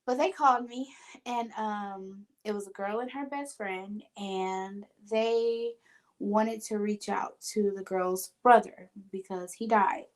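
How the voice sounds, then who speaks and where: A woman talks in a casual podcast chat, an earnest spiritual medium with a mid-pitched voice. She tells her stories with feeling, slipping into the voices of the people she quotes. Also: takes it slowly. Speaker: spiritual medium and show host.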